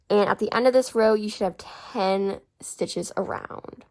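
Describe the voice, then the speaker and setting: A woman's voice: mid-range voice, measured pace, few pauses, a little mellow. Chatty young woman teaching a craft. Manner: chatty and apologetic, talks through each step while working. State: slightly rough-voiced. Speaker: craft tutorial host. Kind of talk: casual step-by-step crafting tutorial. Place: indoors at home, warm room.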